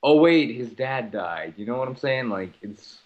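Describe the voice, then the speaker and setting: A man's voice: medium pitch, expressive, normal speed, echoey room, phone-quality sound. A young man co-hosting a casual talk show over video chat, with crude, laughing banter. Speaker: co-host.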